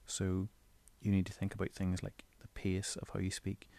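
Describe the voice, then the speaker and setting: Low gravelly guy chatting tips from his bedroom, kinda flat and rambly. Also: normal speed, few pauses, no echo. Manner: relaxed, rambling explanation with filler phrases. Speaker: audio creator giving tips. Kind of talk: casual instructional talk.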